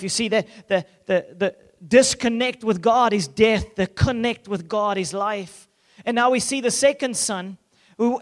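A man preaching a sermon as pastor, impassioned, swinging from loud declarations to hushed, tender lines, and briefly acting out the characters of the story. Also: high voice, big-room sound. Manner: acts out scripture characters in quick asides.

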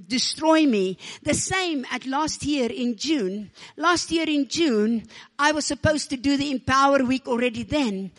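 A woman preacher with a high-pitched voice, a little rough from a damaged vocal cord, tells her story in an animated sermon. She calls on the congregation for amens and praise as she goes.

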